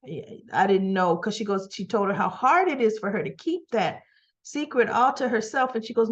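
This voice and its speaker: A woman's voice: fairly high pitch, lively intonation, dull audio. Chatty woman recapping a soap. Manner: acts out characters' lines in quick quoted bits, chatty, laughs often. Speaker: soap opera recap vlogger. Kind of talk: casual episode recap, retelling scenes.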